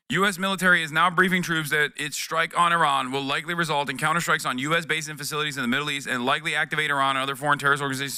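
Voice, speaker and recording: A man's voice: a little high, bright, forceful tone, clean tone, no echo, clean studio sound. A man streaming live reaction commentary, talking in a profane, sarcastic and exasperated way. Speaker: political streamer.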